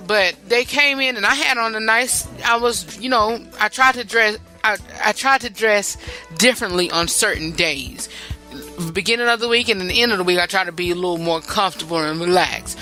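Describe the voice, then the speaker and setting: A woman's voice: medium pitch, sharp tone. A woman hosting a podcast, talking in a rambling, chatty way, often repeating herself. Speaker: podcast host. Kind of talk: casual talk-show monologue.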